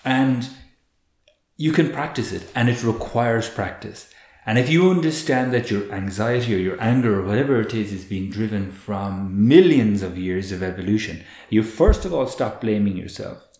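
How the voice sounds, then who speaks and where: A man, a guest expert explaining in an earnest, animated way, often restarting with repeated words. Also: lowish voice, normal speed. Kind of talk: conversational explaining. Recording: roomy echo.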